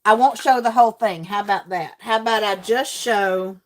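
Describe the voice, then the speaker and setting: A middle-aged woman chatting casually with her livestream viewers while crafting. She is animated, laughs often and greets viewers by name. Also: mid-range voice, normal speed. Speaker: livestream host and teacher.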